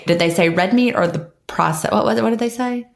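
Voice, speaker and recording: A woman's voice: medium pitch, quick pace, vocal fry, roomy sound. A woman co-hosting a podcast, chatting casually and urging listeners to check things for themselves. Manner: urging and conversational. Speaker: podcast co-host.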